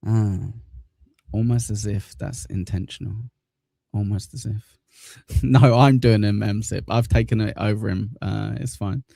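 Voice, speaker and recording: Gravelly-voiced man hosting a livestream. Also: fairly low pitch, fairly even intonation, a little slow, dark tone, no room sound, clean studio sound. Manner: chatty and joking, drops in crude insults. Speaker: livestream news show host. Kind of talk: casual livestream chat, reading viewer comments. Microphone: desk mic in front of a green screen.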